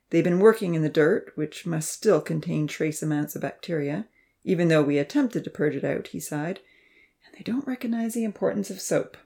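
A woman narrating a children's story aloud, softly voicing the characters and dropping to near-whispers for hushed asides. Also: deep voice. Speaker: audiobook narrator. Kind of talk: scripted narration with character dialogue.

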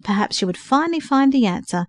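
A woman reading a story aloud in an even, clear storytelling manner. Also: high voice, quick pace, no echo, clean studio sound. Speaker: narrator. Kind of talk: audiobook narration.

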